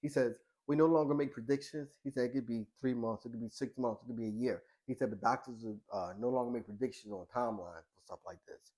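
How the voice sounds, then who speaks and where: A middle-aged man speaking at an ordinary, mid-range pitch as he tells a heavy personal story to a podcast host. His speech is colloquial and earnest, full of restarts and acted-out quoted dialogue. At times his voice sinks to a hush. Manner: halting with restarts, softening to a hushed voice. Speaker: boxing coach and social worker, podcast guest.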